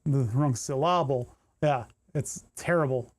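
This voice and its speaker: Slow and a little high, this man's voice has a darkish tone. He's a livestreamer assembling electronics kits, explaining every soldering step in a casual way and grumbling as he searches for components.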